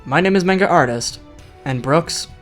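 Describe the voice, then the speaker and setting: A man's voice: a little high, animated, moderate pace, soft background music. A young man delivering a scripted video critique, sarcastic and mocking. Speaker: YouTube critic.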